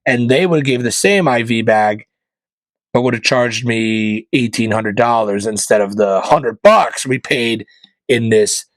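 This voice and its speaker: A man hosting his own podcast, delivering an opinionated comedic rant, swinging from loud emphatic punchlines to low muttered asides. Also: no echo, low-quality recording. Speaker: podcast host.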